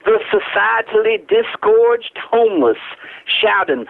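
A man on a phone line reciting a poem as a brooding Southern man, in a Southern accent, with a slow, drawn-out delivery. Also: sits high, expressive, vocal fry, voice pushed up, exaggerated voice. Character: brooding Southern man orating over bourbon. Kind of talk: poetry recital.

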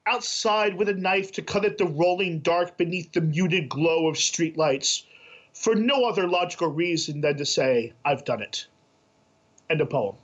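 Male caller, few words, slightly high voice, lo-fi line. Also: normal speed. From Pennsylvania. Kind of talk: reading a poem on a call-in show.

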